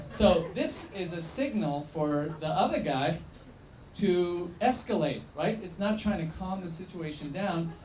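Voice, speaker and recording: A man telling a true story live, in an animated, wry way with pauses for effect. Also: fairly high pitch, roomy sound, slight background noise.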